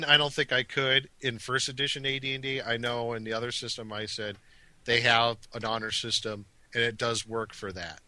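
This is a man with a very bright, sharp-edged voice who leads a gaming podcast panel. He keeps the discussion moving with light joking. The sound is dry and close. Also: medium pitch, dry recording. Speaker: podcast host leading the discussion. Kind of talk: casual tabletop gaming discussion.

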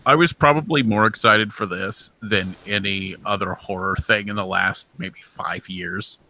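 A man's voice: on the low side, measured pace, pushed and bright, rough recording. A man co-hosting a podcast, talking bluntly and casually with plenty of swearing. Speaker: podcast co-host. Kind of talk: casual chat.

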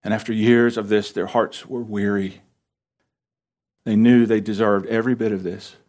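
A man's voice: on the low side, little pitch movement, moderate pace, darkish tone. A man preaching an earnest sermon from a church stage, using repetition to drive his points home. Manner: earnest, builds emphasis through repetition. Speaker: pastor. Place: church stage under lights.

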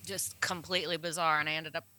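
A woman co-hosting a casual podcast, talking with eager, lively enthusiasm. Her voice is very bright and sharp, recorded close and dry with no room sound. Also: sits low, fast, dry recording, rough recording. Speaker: podcast co-host. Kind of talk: casual chat. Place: New Orleans.

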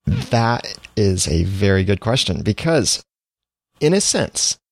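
Man with a low, gravelly voice. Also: big pitch swings, slow, no room sound, clean studio sound. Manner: earnest, reflective faith talk. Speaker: podcast co-host. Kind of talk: casual chat.

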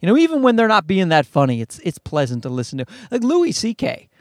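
A fairly high-voiced man in his thirties rambles through a solo comedy podcast, poking fun at himself and swearing as he goes. His delivery swoops around animatedly, and the close microphone sound is dry and free of room echo. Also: wildly swooping pitch, fast talker, a little mellow. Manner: rambling, self-deprecating, profane, with frequent restarts. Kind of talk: casual solo podcast monologue.

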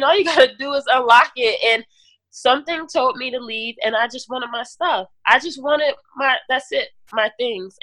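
A woman guest giving an earnest personal testimony in an interview, talking in halting runs with restarts and fillers. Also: on the low side, a bit bright, no room sound. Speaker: podcast guest.

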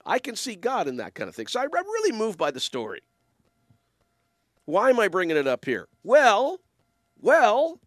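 A man's voice: high-pitched, fairly bright tone, no room sound, clean studio sound. A man in ministry talking in a casual, earnest and rambling way, with emphatic stresses. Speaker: minister giving a talk. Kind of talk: casual spoken reflection. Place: lives in the Ottawa region.

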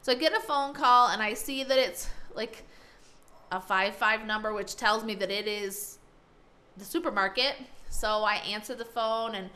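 A woman's voice: medium pitch, normal speed. A woman who teaches school tells a funny story in casual chat, acting out the voices of the people in it. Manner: animated storyteller who acts out the voices of others.

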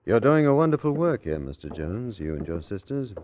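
A man's voice: on the low side, very animated, brisk, a little hiss or hum. An actor playing a polite, probing male detective in 1940s radio acting style. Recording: dull old radio recording.

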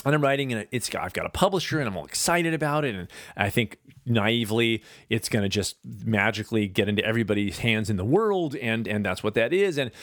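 A man hosting his own podcast, talking casually and rambling through animated asides. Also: fairly low pitch, fairly quick, no echo, studio quality. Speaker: podcast host. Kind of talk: casual solo podcast monologue.

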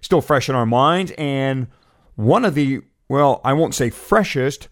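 A man's voice: medium pitch, lively intonation, a little slow, no room sound, studio quality. A man hosting a podcast in a casual chat, wry and joking. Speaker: podcast host.

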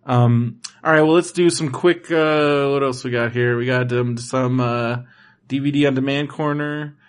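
A man's voice: mid-range voice, fairly even intonation, normal speed. A man co-hosting a casual chat, rambling with lots of restarts and fillers. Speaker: podcast co-host.

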